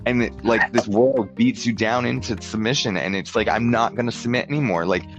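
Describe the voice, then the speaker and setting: A man's voice: mid-range voice, a little fast, faint music behind. A man telling a rambling story in casual chat, filling it with "like" and acting out what people said. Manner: rambling storyteller, many "like"s, acts out dialogue. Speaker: podcast guest.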